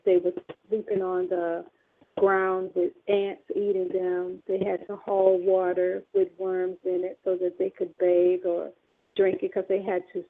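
A woman telling her story as a radio guest, acting out past dialogue with sharp emphatic peaks. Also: on the low side, completely flat delivery, unhurried. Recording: tinny phone line.

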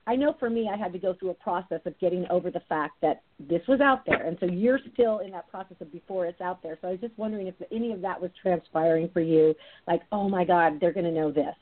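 A woman's voice: fairly low pitch, fast, a little hiss or hum. A woman hosting a conversational interview, encouraging and supportive as she responds. Her voice comes through thin, phone-like audio. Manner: supportive, affirming. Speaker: podcast host.

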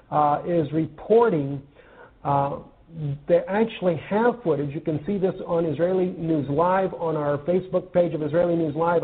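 A man from the United States comments on news articles in an earnest, conversational manner, pausing to think mid-sentence. His voice sits a little on the high side for a man. The audio is narrow and tinny, like a phone line.

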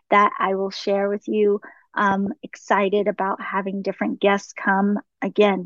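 A woman hosting her own spiritual podcast, speaking gently and earnestly, with frequent pauses and ums. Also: mid-range voice, no room sound, muffled recording. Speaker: podcast host. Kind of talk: reflective solo podcast talk.

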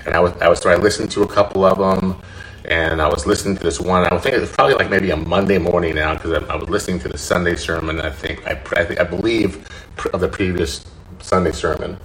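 A deep-voiced man with a gravelly edge tells a heartfelt personal story in an earnest, halting manner, restarting phrases and repeating words. Faint hiss sits under his voice. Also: fairly bright tone, low-quality recording. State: choked up, tearful. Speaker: podcast host.

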